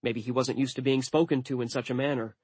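A man's voice: medium pitch, steady tone, fast, a little mellow, breathy edge, no echo. Man narrating an audiobook, dry and wry. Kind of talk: first-person audiobook narration.

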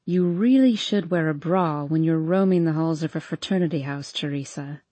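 A woman reading as a brooding, bossy young man, lowering her voice and murmuring his lines. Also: moderate pace, mellow, no echo. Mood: low teasing. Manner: low murmuring delivery.

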